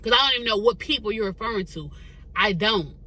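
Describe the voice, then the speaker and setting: A woman's voice: on the high side, very fast, low-quality recording. A young woman chatting casually as she tells a story from her car, talking straight to her viewers. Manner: chatty, animated, addresses viewers as "girl". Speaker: vlogger telling a story. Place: parked car.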